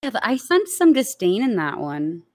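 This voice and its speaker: A woman's voice: mid-range voice, very animated, moderate pace, darkish tone, no echo, studio quality. A woman in a casual group chat who mostly gives short agreements and brief comments.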